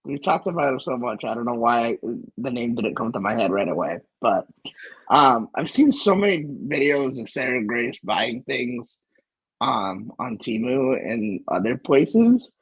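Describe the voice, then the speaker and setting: Husky guy hosting a tech stream, slow and animated, laughs a lot. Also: mid-range voice, lo-fi sound. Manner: animated, laughs often, trails off and restarts. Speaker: livestream host. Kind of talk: casual tech chat.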